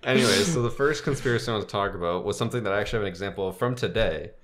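A man's voice: lowish voice, rapid-fire, background noise. A young man co-hosting a podcast, telling a rambling story with lots of fillers in casual chat. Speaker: podcast co-host.

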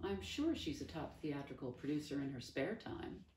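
A woman's voice: low voice, lively intonation, moderate pace, a little mellow, roomy sound, far from the mic. A woman voicing a haughty, snappish male character with a sarcastic, dismissive manner. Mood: scornful.

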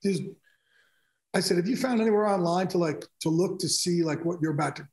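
A man's voice: high-pitched, brisk. A middle-aged man, a sports broadcaster guest, telling stories in a casual interview and acting out conversations in quotes. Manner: animated, re-enacts conversations in quotes. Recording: echoey room.

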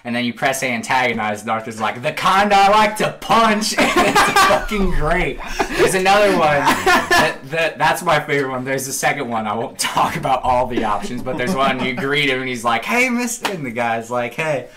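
A young man guesting on a casual podcast, excitedly retelling game moments and acting out the characters' lines. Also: mid-range voice, moderate pace, very noisy. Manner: animated storytelling, acting out game lines with laughs.

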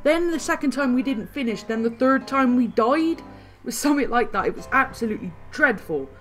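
A woman commentates her own gameplay in a fairly high, slightly hoarse voice, swinging between quick chatter and loud cries of "no" that she repeats over and over. Faint music plays underneath. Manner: excitable, shouts and repeats words at setbacks. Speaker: gaming channel host. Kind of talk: excited game commentary.

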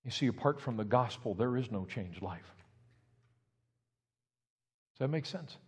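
A pastor delivers a sermon in a husky, middle-pitched voice. He talks plainly at first, then climbs to loud, emphatic peaks. The sound carries the long reverb of a large church sanctuary. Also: expressive, unhurried.

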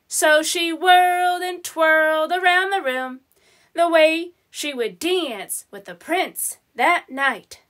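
A woman reading a children's picture book aloud, slow, gentle and expressive. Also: very high-pitched. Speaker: storyteller.

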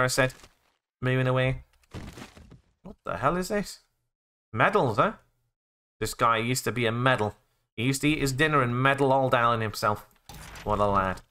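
A man's voice: mid-range voice, moderate pace, pauses often, bright, forceful tone. A young British man giving goofy, profane gameplay commentary, narrating his own actions as he plays and breaking into sudden squeals. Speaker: let's play gamer.

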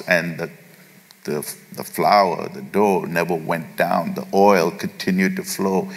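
A man preaching a sermon as pastor, retelling a scripture story with acted quotes and frequent halting restarts. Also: sits low, fairly bright tone, in a large hall. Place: church sanctuary.

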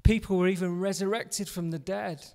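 A male pastor delivers an earnest sermon in a slightly high voice, returning again and again to a hushed refrain. The sound carries the long reverb of a church hall. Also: steady tone, moderate pace, creaky, clear, resonant tone. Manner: earnest, repeating a refrain with drops to a soft hush.

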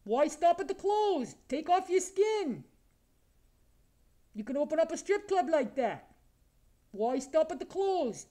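A man's voice: very high-pitched, very animated, slow, long pauses, warm tone, exaggerated voice. A man doing a crude razor-toothed creature. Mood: mocking. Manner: crude taunts, self-admiring, rambling. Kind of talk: improvised video-chat comedy.

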